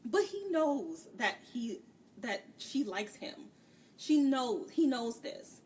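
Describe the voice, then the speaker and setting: A woman's voice: a little high, animated, darkish tone. A woman co-hosting a book review podcast, ranting candidly in casual chat. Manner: candid, ranting, acts out characters' lines in quick bits. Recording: distant mic with faint background noise.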